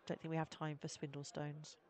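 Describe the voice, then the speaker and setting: A woman's voice: low voice, monotone, brisk, darkish tone. A woman live-streaming a story game, reading its text aloud and adding wry, laughing asides.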